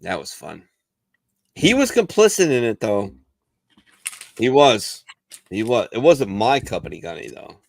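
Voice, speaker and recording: A man's voice: medium pitch, very animated, measured pace, vocal fry, long pauses. A man hosting a casual veterans' talk show, swearing freely and acting out the voices in his stories. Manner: profane, storytelling, acts out quoted voices. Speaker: podcast host. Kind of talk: casual bar chat.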